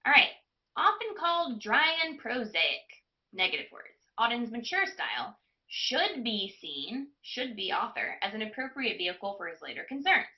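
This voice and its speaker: A woman's voice: on the high side, very animated, normal speed. Woman tutor, dull lo-fi audio. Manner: reads a passage aloud, stopping to pose questions to students. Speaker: test prep tutor. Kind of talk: live online class walkthrough.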